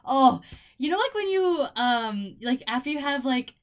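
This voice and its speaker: Young woman, higher voice, chatty, rambling, informal. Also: animated, a little slow. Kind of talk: casual chat.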